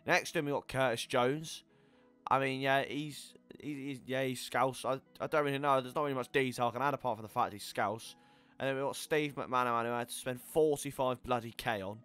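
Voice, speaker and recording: An eighteen-year-old man giving casual gameplay commentary, chatty and swearing, yelling at the game. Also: mid-range voice, fairly even intonation, brisk, clear, resonant tone, soft background music. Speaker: gaming YouTuber.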